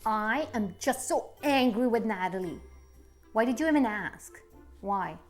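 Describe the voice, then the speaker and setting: Woman doing a petulant ponytailed schoolgirl, high, quick and whiny. Faint music underneath. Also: lively intonation. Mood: indignant. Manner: whiny, repeats herself, childish nagging questions. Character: sulky angry schoolgirl with two ponytails. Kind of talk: acted coaching skit.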